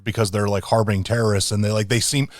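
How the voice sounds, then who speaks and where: A man's voice: lowish voice, flat delivery, fast, dry recording. Rambling man on a dry podcast mic. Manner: rambling, many fillers and restarts. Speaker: podcast co-host. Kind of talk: casual podcast chat.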